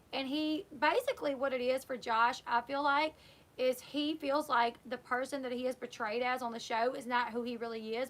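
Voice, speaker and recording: A woman's voice: sits high, a bit bright. A woman YouTuber casually recapping a reality show in a chatty, opinionated way, acting out what people said. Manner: conversational and opinionated, acting out quotes.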